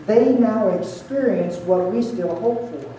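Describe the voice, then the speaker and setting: Pastor guy preaching easter sermon, deep mellow dark tone, big echoey hall, mic kinda far off. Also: unhurried, a little hiss or hum. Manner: earnest, guides listeners through scripture verse by verse. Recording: very echoey hall, heard from afar.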